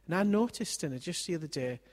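A man's voice: a little high, expressive, fast talker. A man preaching in a church service, telling a family story in a chatty way and often ending on tag questions. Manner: conversational, leans on tag questions.

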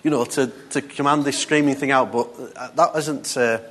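A man's voice: mid-range voice, steady tone, moderate pace, a bit bright. A man giving an informal Bible teaching, reading scripture aloud and breaking off into conversational asides. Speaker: preacher.

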